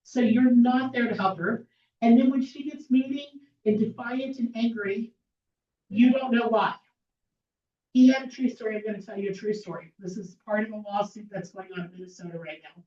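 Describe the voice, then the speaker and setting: A woman's voice: a little high, normal speed. A woman giving a persuasive presentation at a meeting, emphatic and fond of rhetorical questions. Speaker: speaker at a political meeting. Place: meeting hall. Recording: echoey room from far off, dull lo-fi.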